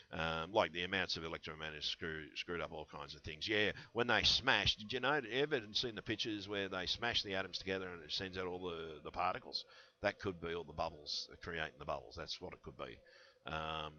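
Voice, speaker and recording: Speaking into a headset mic with dull, lo-fi sound, a man with a low, bright, pushed voice delivers a conspiratorial vlog monologue to his viewers. He rambles, stacking up fillers and restarting often.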